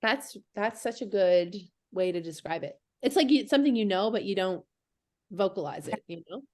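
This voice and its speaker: A woman's voice: medium pitch, animated, normal speed, a little mellow. A woman hosting a casual group call, chatty and loose, laughing and trailing off as she talks. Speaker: host of a product call.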